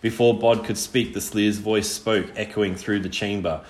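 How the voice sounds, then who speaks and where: A man narrating an audiobook in a measured, dramatic way. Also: deep voice, fairly even intonation. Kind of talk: audiobook reading. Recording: roomy echo.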